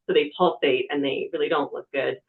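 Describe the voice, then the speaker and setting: A TV reporter presenting a webinar, giving practical media-training advice in a conversational way, from a quiet room. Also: medium pitch, steady tone, a little fast. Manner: conversational, talks with hands. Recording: tinny phone-like webinar audio.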